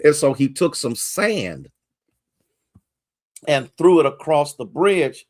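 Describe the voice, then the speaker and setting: A man's voice: fairly high pitch, lively intonation, takes it slowly, darkish tone, dry recording, studio quality. A male pastor preaching a sermon, repeating key lines for emphasis and greeting listeners by name.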